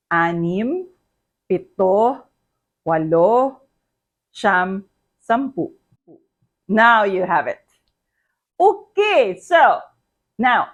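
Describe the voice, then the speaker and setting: A slow, measured woman with a Filipino accent leads a language lesson. Her voice sits a little low, and she says each word again and again, then asks the listener to repeat it. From Philippines. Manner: patient, repeats words and asks the listener to say them back. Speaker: language teacher.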